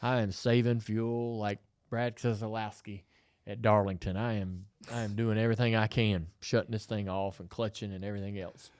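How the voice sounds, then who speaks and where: This is a middle-aged man with a drawl, telling a story on a podcast in a relaxed, chatty way. He acts out what other people said as he talks. The mic is close and the sound is dry. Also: fairly low pitch, moderate pace, clean tone, no room sound. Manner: animated storyteller, acts out quotes. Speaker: podcast co-host. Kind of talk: casual storytelling chat.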